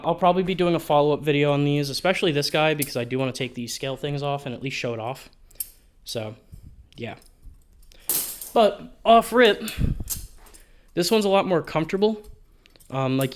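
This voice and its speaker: A man talking through a product review in a casual vlog, rambling and offhand, with frequent swearing. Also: fairly high pitch. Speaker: balisong reviewer.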